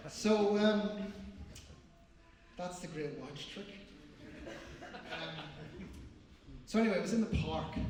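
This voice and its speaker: A man's voice: on the high side, darkish tone. A man giving a rambling, repetitive, self-mocking live performance monologue in a large gallery hall. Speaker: performance artist. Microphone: distant room mic. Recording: echoey hall recorded from far off.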